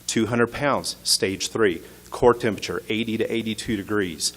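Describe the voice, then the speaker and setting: Lowish voiced guy telling a story live on stage, tense punchy short sentences. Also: normal speed, fairly bright tone. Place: stage at an arts center.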